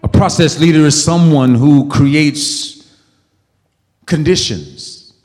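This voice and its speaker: Casting: male pastor, high tenor, emphatic call-and-response sermon, long church-hall echo. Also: slow pace. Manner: emphatic, call-and-response preaching with sudden loud peaks.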